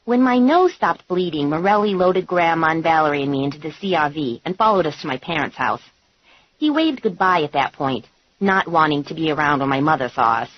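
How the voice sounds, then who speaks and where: A woman reading a comic novel in the first person, with a wry, animated delivery. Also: low voice, fairly quick. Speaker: audiobook narrator. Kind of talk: scripted audiobook narration. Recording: dull, dry lo-fi recording.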